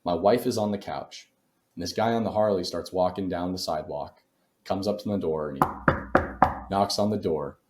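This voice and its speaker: A man's voice: low-pitched, moderate pace, echoey room, a little hiss or hum. A man telling a story as a real estate investor guest in a podcast interview, speaking emphatically and in a motivational way.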